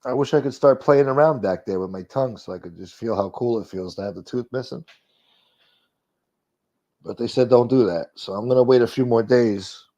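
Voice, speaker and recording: On dull lo-fi audio, a middle-aged man hosts a live stream and chats profanely while responding to comments. He speaks briskly with a medium-pitched, mellow voice.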